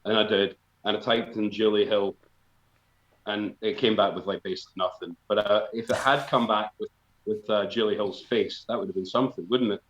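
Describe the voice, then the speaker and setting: A man's voice: fairly low pitch, fairly even intonation, brisk, a bit bright. Rambling man, roomy sound. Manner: rambling, self-mocking, laughing at himself. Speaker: folk band member on live stream. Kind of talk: casual storytelling. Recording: roomy, slightly dull live-stream audio.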